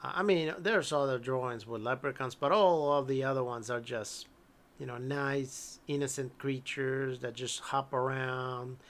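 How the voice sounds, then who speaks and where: A game master narrating a tabletop horror game at a relaxed, hesitant pace, often restarting sentences. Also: medium pitch, measured pace.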